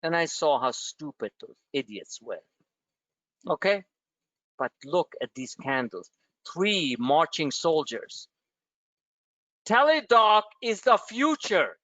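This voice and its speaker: A man's voice: a little high, sing-song, takes it slowly, pauses often, bright, forceful tone, no room sound, muffled recording. A man hosting a stock trading webinar, talking bluntly and emphatically, swearing and repeating himself for effect. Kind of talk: live trading webinar rant.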